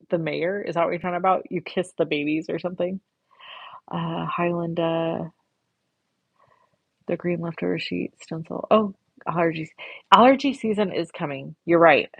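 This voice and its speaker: A woman's voice: lowish voice, breathy edge, dry recording, highs cut off. A woman hosting a card-making livestream, chatting casually with viewers as she works, reading their comments aloud and cussing a little. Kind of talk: casual chat while crafting live.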